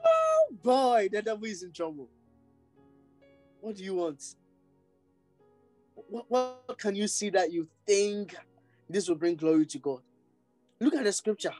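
A man's voice: sits high, a little slow, long pauses, darkish tone, faint music behind, low-quality recording. A man preaching a charismatic sermon, exclaiming ecstatically and breaking into tongues.

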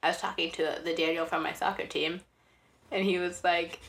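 A woman's voice: lowish voice, big pitch swings, moderate pace, a bit bright. A woman co-hosting a film podcast in casual chat, teasing and giving blunt opinions. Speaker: podcast co-host.

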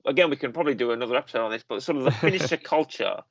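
A man co-hosting a wrestling review show, telling stories in a rambling, animated way with lots of repetition. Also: mid-range voice, very fast, creaky, slightly rough, no echo, muffled recording. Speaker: podcast co-host. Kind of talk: casual chat.

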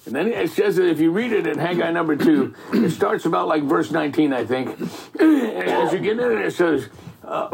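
A man's voice: on the high side, expressive, normal speed, creaky, a little mellow, husky. A middle-aged man telling faith stories in a rambling, folksy way, full of "man" and "you know". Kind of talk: casual faith storytelling.

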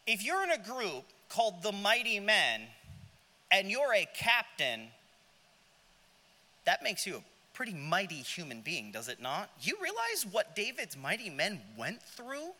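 Lively high-voiced man teaching Bible class. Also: unhurried, big-room sound. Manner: joking asides, asks the class questions. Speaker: Sunday school teacher. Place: church classroom.

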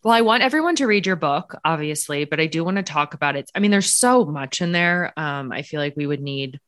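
A woman's voice: low-pitched, expressive, a little fast, a bit bright, no echo. A woman hosting a podcast interview in a casual, frank way, with fillers like "um" and "like.". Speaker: podcast host.

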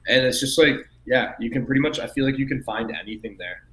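A man with a Canadian accent, a podcast guest chatting casually, rambling and halting with many fillers. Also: mid-range voice, sharp tone, low-quality recording. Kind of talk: casual chat.

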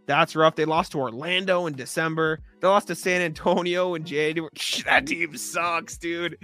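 A young man co-hosting a sports podcast, ranting sarcastically and clearing his throat often. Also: a little high, fairly even intonation, normal speed, hardly any pauses, pushed and bright, soft background music. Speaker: podcast co-host.

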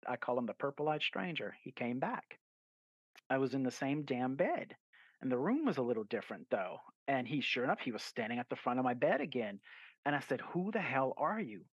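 A man's voice: medium pitch, a bit bright, no echo. A man, a guest author, telling a story in a casual podcast interview, rambling with fillers and restarts and acting out his own quoted lines. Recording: dull, lo-fi and dry.

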